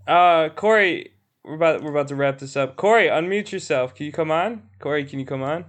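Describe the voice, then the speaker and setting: A man's voice: on the high side, fairly quick, a bit bright. A man hosting a podcast, teasing his guests in casual chat and laughing often. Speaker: podcast host.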